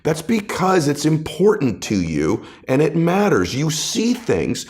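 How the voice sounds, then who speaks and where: A man, a guest author, talking in a conversational storytelling way with emphatic, punchy repetition, turning quiet and emotional when he recalls family. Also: on the high side, wildly swooping pitch, unhurried.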